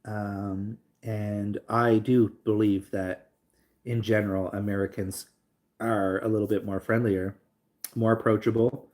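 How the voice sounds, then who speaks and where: A man's voice: lowish voice, flat delivery, measured pace, darkish tone. A young man talking loosely to his live stream audience, rambling with lots of fillers and reading chat aloud. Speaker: livestream host.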